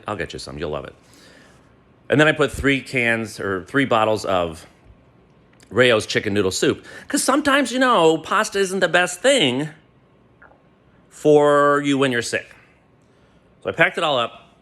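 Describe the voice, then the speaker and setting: A man telling a personal story to a friend, animated and swearing freely. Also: lowish voice. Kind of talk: gleeful personal anecdote.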